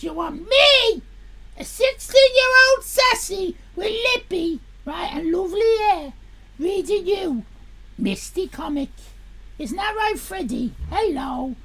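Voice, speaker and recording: A woman's voice: very high-pitched, fairly bright tone, slight background noise, exaggerated voice. A woman voicing a sassy sixteen-year-old Irish girl, rambling crudely on a live stream.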